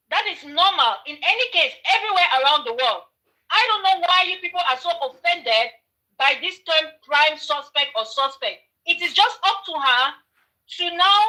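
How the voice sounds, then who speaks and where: A woman's voice: high voice, bright, forceful tone, low-quality recording. A woman hosting a commentary channel, arguing her point in an opinionated monologue full of rhetorical questions and restarts.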